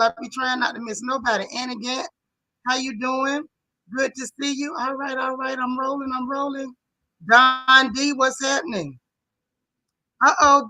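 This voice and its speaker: A woman's voice: on the high side, bright, forceful tone, dry recording, rough recording. A woman with a Southern US accent hosting a casual live recap chat, greeting viewers by name and talking with sassy slang. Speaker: show recap host.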